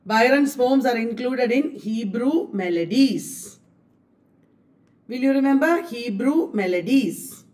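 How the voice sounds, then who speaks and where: A woman lecturing at a slow, deliberate pace and drilling her students through exam questions. Her fairly high voice sounds a little removed from the microphone, as in a classroom recording. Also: lively intonation, a little mellow, distant mic. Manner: quizzing students with repeated questions. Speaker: English literature exam coach.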